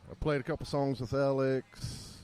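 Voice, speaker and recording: A man's voice: medium pitch, little pitch movement, normal speed, darkish tone, smooth. A man co-hosting a podcast in casual chat, easygoing and agreeable, often answering in short replies.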